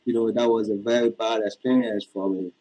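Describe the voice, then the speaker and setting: A man's voice: fairly low pitch, steady tone, fairly quick, mellow, breathy edge. A man on a casual phone call, hesitant, often calling her baby. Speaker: caller.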